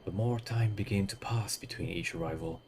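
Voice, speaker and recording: A man voicing a gentle, sorrowful village widow, in soft, measured speech. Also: lowish voice, lightly acted.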